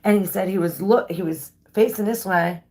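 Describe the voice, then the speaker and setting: A woman's voice: medium pitch, moderate pace, noisy background. A woman doing a casual tarot reading, chatty and loose, swearing freely and drawing out her phrases as she reads the cards. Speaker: tarot reader.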